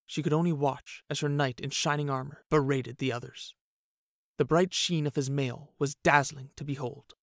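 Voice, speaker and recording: Man, fantasy audiobook narration, mid pitch, dry close sound. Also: creaky, dry recording.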